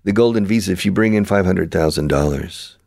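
A man hosting an interview, talking through language points by repeating example phrases with lively emphasis. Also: low voice, brisk, vocal fry, no room sound, clean studio sound. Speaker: show host and language school founder. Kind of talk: conversational interview.

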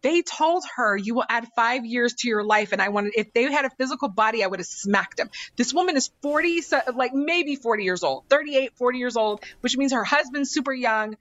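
Here the same psychic guest spins her personal tale with flair, performing the quoted voices and echoing phrases for emphasis. Her fairly high, slightly bright voice moves briskly and animatedly with few pauses, on a lo-fi recording free of room sound.

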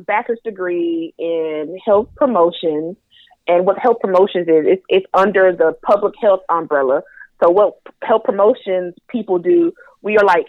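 A woman's voice: mid-range voice, dry recording. A woman from North Carolina with a light Southern accent, a sex educator talking as a podcast guest, chatty, with many fillers and restarts. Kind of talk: podcast interview. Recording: tinny phone-line sound.

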